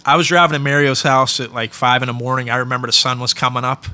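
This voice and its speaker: A man's voice: medium pitch, fairly even intonation, fast, bright, forceful tone, clear, resonant tone. A man in his thirties from Pittsburgh, a podcast guest telling stories in an easygoing, filler-heavy way. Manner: easygoing storytelling with many fillers. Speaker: podcast guest, hockey equipment staff. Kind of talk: casual podcast interview.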